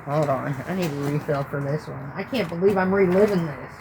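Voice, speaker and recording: A woman's voice: low-pitched, fairly quick, background noise. A woman in her thirties telling a rambling, profane story in a casual vlog.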